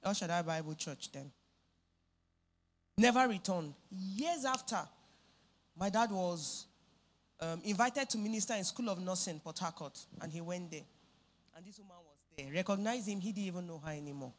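A woman's voice: on the low side, lively intonation, normal speed, pauses often, slight background noise. Emphatic woman preaching. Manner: emphatic, repeats phrases for stress. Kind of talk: sermon.

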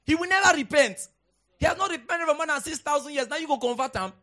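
A high-pitched male preacher delivering a sermon. He drops to quiet, intimate teaching, then bursts into shouted exhortation. He recites scripture in dramatic, old-fashioned wording. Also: lively intonation, fast talker. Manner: dramatic archaic scripture quoting. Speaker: pastor.

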